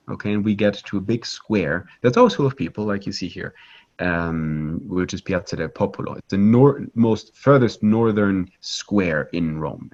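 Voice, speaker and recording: A low-voiced man leads a live online art tour as a virtual pilgrimage guide, speaking in a lively, conversational way full of fillers, restarts and "right?" tags. The audio sounds dull.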